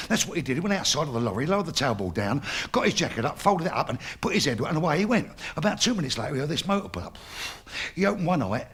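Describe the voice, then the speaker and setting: A man's voice: fairly high pitch, very animated, racing, a bit bright, a little hiss or hum. A middle-aged man telling crude, swear-filled jokes on stage and voicing each character himself. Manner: crude, swearing, playing every character in the joke. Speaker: comedian. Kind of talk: stand-up joke telling. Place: live comedy stage before an audience.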